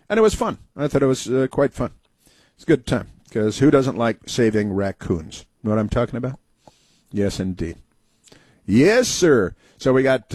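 A man's voice: on the low side, a little mellow, no echo. A man hosting a casual talk show, rambling through anecdotes and mocking political commentary. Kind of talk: casual talk radio monologue.

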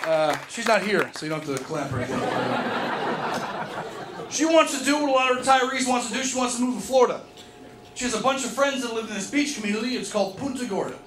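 A man in his thirties performing a stand-up comedy set, telling profane stories that break into shouted rants. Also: very high voice, expressive, quick pace. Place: comedy club stage. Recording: live club recording with crowd noise. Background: audience laughter.

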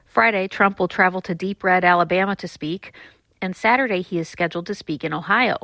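A woman's voice: on the low side, a little fast, creaky, sharp tone, no room sound, poor audio. A woman political correspondent delivering a composed radio news report.

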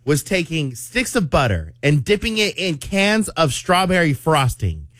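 A man's voice: on the high side, big pitch swings, a little slow, a bit bright, no room sound, studio quality. A man on a morning radio show, chatting and laughing as he tells a story. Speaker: radio co-host. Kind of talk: casual morning show banter.

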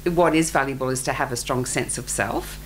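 Deep-voiced woman studio guest. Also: a little fast, a little hiss or hum, low-quality recording. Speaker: studio guest, retired psychologist. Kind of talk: casual radio interview. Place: radio studio.

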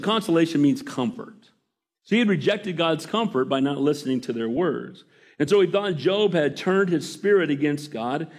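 A middle-aged man preaches a sermon with a fairly high voice. He keeps calling for amens and acts out the people he quotes with lively energy. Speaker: pastor.

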